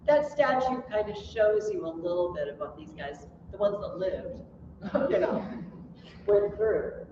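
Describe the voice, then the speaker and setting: A woman lectures a class with a slightly high, very lively voice, telling stories with animation. She is picked up by a faraway mic in a roomy, echoing classroom with a long reverb tail. The sound is dull and lo-fi, with a faint room hum underneath. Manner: animated storytelling, laughs at her own tales. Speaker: teacher. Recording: echoey classroom from a distant mic.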